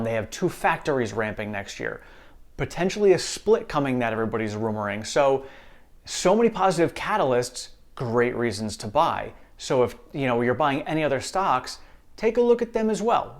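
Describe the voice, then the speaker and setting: Upbeat man hosting a stock-market talk. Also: medium pitch. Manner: upbeat, reassuring, talks straight to viewers. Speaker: stock market channel host. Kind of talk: casual investing commentary.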